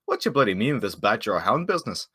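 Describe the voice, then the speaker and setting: A man's voice: mid-range voice, big pitch swings, rapid-fire, sharp tone, slightly rough, no room sound, clean studio sound, voice pushed up, full character voice. A man voicing a brash, grumpy male dwarf adventurer who talks bluntly and teases. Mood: gruff. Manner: blunt, teasing, swears mildly.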